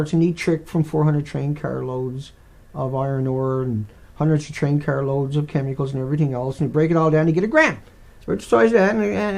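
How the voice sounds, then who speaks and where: A man's voice: on the high side, gravelly, a little mellow. A man hosting a live stream, talking in a rambling, digressive way with many restarts.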